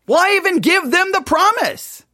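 A man's voice: extremely high pitch, lively intonation, a little slow, bright, forceful tone, dry recording, clean studio sound. A man teaching a Bible study, reacting to a sermon with emphatic, sarcastic exasperation. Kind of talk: livestreamed Bible study commentary.

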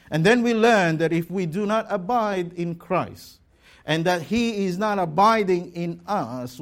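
Pastor guy preaching real slow, kinda high voice, leans on his words. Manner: slow, emphatic preaching with drawn-out words and dropping line ends. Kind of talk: sermon. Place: church service streamed online.

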